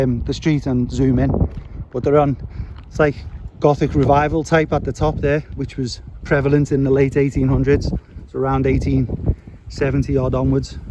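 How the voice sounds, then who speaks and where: A man narrating a casual walking vlog outdoors, chatty and rambling, with fillers. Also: mid-range voice. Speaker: vlogger. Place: outdoors on a street. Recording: outdoor traffic noise behind.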